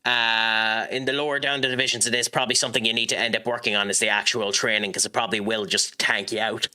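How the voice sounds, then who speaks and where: Chatty man with a sharp bright voice. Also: on the low side, little pitch movement, fast talker. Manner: rambling and chatty, reacting loudly to the match. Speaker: streamer. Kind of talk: live gaming stream chat and match commentary.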